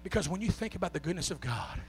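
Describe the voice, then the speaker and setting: A man preaching a sermon with a Southern US accent, swinging from shouted, half-sung peaks down to soft, low talk. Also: very animated, fast talker, breathy edge.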